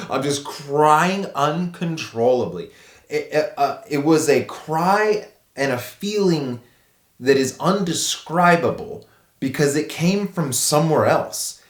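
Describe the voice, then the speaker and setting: Casual male vlogger in his thirties, animated storyteller, mid-pitched voice, says "dude" a lot, recorded in a roomy space. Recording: echoey room.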